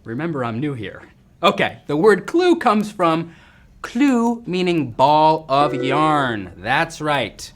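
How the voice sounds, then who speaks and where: A man hosting a live trivia game, excitable and jokey with quick banter between questions. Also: fairly high pitch, background noise. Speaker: game show host.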